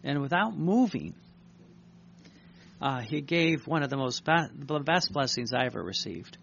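A man's voice: medium pitch, animated, measured pace, creaky, fairly bright tone, a little hiss or hum. A man, a priest, preaching an earnest, reflective sermon and often restarting his sentences. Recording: dull lo-fi recording.

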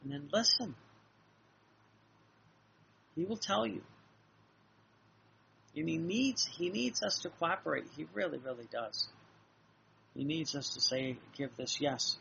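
A man's voice: fairly high pitch, takes it slowly, vocal fry, pauses often, sharp tone, a little hiss or hum. A man preaching a sermon in an earnest, repetitive, exhorting way, acting out dialogue as he goes. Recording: dull lo-fi recording with faint ambience.

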